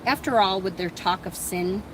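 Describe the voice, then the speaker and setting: A woman reading aloud the lines of a stern older high priestess in a storybook, in a cool, matter-of-fact manner. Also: moderate pace, background noise, close to an everyday voice.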